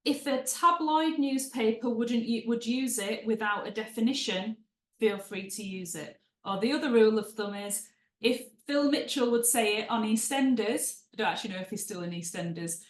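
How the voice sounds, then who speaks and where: A woman's voice: fairly high pitch, moderate pace, reverberant. A woman giving a webinar on report writing, explaining tips in a conversational way with chatty asides. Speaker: writing trainer and proofreader. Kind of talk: webinar teaching.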